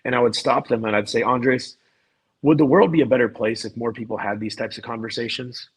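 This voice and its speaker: Husky man telling a story. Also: medium pitch, a little fast, poor audio. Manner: animated, repeats words and restarts often. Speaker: podcast guest. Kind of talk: casual storytelling.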